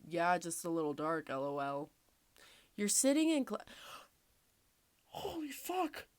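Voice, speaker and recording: A woman's voice: low-pitched, big pitch swings, moderate pace, clear, resonant tone, no echo. A woman hosting a casual podcast, reading quiz questions aloud with sarcastic, swear-filled asides and frequent laughter. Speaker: podcast host.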